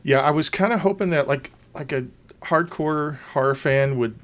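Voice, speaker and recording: A man's voice: fairly high pitch, moderate pace. A man hosting a casual trivia game among friends, chatty with frequent fillers. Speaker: quiz host.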